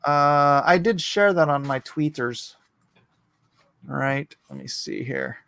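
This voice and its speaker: A man hosting a casual livestream, animated and jokey, reading chat and bantering with his co-host. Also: medium pitch, slow pace, creaky, smooth, dry recording. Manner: animated and jokey, breaks into laughs.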